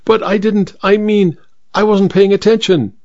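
A man's voice: high voice, steady tone, moderate pace, a little mellow, no room sound, highs cut off, voice pushed up, close to an everyday voice. A man doing a nervous, stammering vicar. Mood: flustered. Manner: stammering, flustered.

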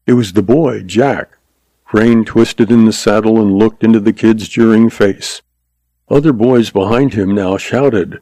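A man reads a western story aloud in a low, dark, mellow voice. His delivery is measured and dramatic, and the recording is dry and close, with no room sound. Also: no echo, low-quality recording. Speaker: narrator. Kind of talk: scripted narration of a western story.

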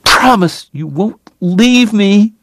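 A man voicing a grieving young woman who begs through tears, her voice raised high and breaking. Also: slow, clean tone, no room sound, close to an everyday voice. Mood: pleading. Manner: begging, breaking voice.

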